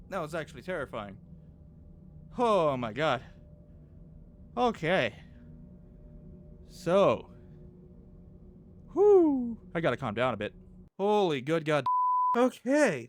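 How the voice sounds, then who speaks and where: Man, gaming commentator, lively pitch, jumpy, cuts off swears, horror game. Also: slight background noise. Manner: jumpy, swears under breath, animated reactions. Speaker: gaming YouTuber.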